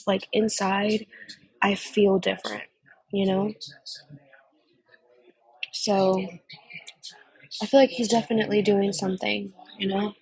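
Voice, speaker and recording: A woman's voice: medium pitch, a little mellow, husky, no echo, low-quality recording. A young woman on a casual phone chat, gushing and emotional, calling the listener honey.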